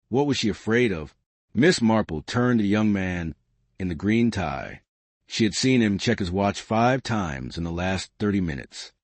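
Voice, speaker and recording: A man narrating a bedtime mystery story in a calm, unhurried way. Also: lowish voice, no room sound.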